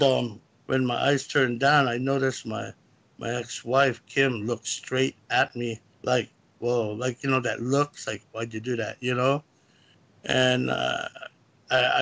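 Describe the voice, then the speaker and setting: A man with a gravelly, creaky voice calls in to tell his story. He rambles and backtracks, in a casual, halting way. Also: mid-range voice, fairly bright tone. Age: adult, lived in California. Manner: rambling, halting retelling of a personal encounter. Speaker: guest caller.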